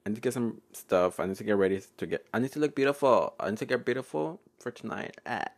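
A man's voice: mid-range voice, animated, quick pace. Young guy w/ rambling on his podcast, giggly, voice jumps all over. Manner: playful, giggly, code-switching, often loud and laughing. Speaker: podcast host. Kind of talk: casual solo podcast storytelling.

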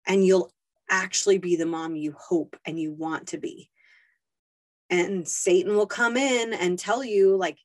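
A young woman hosting a talk, speaking to mothers in a casual motivational monologue, earnest and pleading, acting out quoted inner voices. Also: medium pitch. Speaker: podcast host speaking to mothers.

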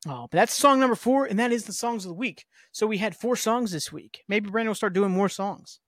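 A man hosting a podcast gives a loose, rambling episode recap in a high-pitched voice at a brisk pace, recorded with no echo at studio quality. He leans heavily on fillers and drops the odd curse word.

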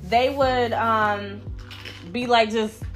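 A young woman talking casually on a podcast about friendships, loud and blunt, swearing freely and acting out what others say. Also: a little high, very slow, soft background music. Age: young adult. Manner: loud, blunt, profane, animated storytelling. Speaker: podcast panelist. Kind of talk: casual chat.

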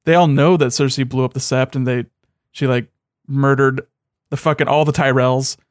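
A man's voice: mid-range voice, steady tone, normal speed, no echo, clean studio sound. A man in a casual chat, sardonic and swearing often, with lots of "like". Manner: sardonic, heavy swearing, many "like" fillers.

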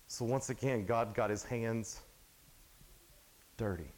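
A young man preaching a casual youth sermon, retelling Bible stories in an animated way with lots of fillers. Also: medium pitch, slow pace, low-quality recording. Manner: animated storytelling, acts out Bible scenes; casual, filler-heavy talk with frequent "like". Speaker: youth speaker.

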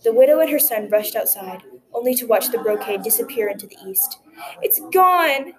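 A woman telling a folktale aloud in a gentle, expressive narrating voice. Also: medium pitch, a little fast, a crowd in the background, low-quality recording. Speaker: storyteller. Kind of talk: folktale reading.

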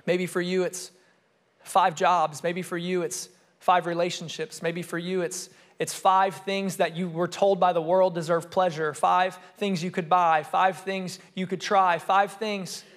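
A young adult man, a student pastor, preaching a sermon with emphatic, repeated phrases that rise and fall in loudness. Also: high voice.

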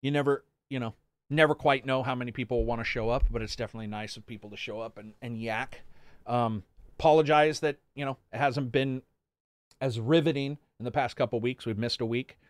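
A man chats casually on his gaming podcast, drifting between stories and show updates in a loose, profane way. His voice sits at a middling pitch and is recorded close and dry, with no room echo. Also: fairly even intonation, fairly quick. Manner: loose, profane, rambling storytelling with laughs. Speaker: podcast host. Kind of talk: casual live-stream chat.

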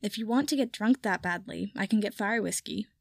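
A woman's voice: medium pitch, fairly quick, vocal fry, no room sound, clean studio sound. A woman reading aloud voices a tipsy, foul-mouthed young witch who talks bluntly. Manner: swears freely, blunt. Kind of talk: audiobook fan fiction reading.

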